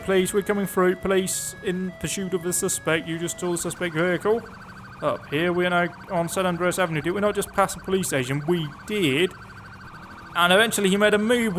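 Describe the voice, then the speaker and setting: A young man giving chatty, sarcastic commentary over his own police-driving gameplay, with sudden excited outbursts. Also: sits high, a little hiss or hum. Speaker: gaming YouTuber.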